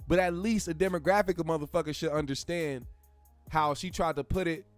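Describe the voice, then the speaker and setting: Male host, high voice, blunt profane commentary over faint music. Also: steady tone, a little fast. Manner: heated, blunt, swears a lot, slangy. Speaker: show host.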